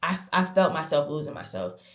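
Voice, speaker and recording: A woman's voice: deep voice, sing-song, fairly quick. A woman in her twenties talking candidly and emphatically to camera in a casual vlog. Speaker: lifestyle vlogger. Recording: roomy echo.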